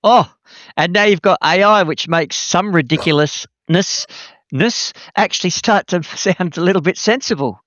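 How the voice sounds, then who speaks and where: A man speaking as a podcast guest, with a fairly high voice and a wry, joking, easygoing manner. His audio sounds dull and muffled, like a remote line, but dry and close with no room echo. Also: normal speed, fairly bright tone. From Western Australia. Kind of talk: casual conversational interview.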